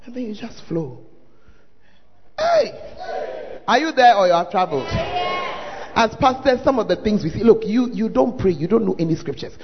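A man preaching a sermon as pastor, animated, with sudden shouted exclamations. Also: high-pitched, fairly quick, a little hiss or hum. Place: large church hall. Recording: dull sound with long hall reverb. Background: faint congregation.

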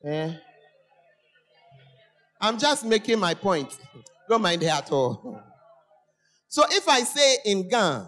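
Lively preacher with a swooping delivery. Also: medium pitch, slow, long pauses, soft background music. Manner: animated, questions the congregation and stretches key words. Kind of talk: sermon. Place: church.

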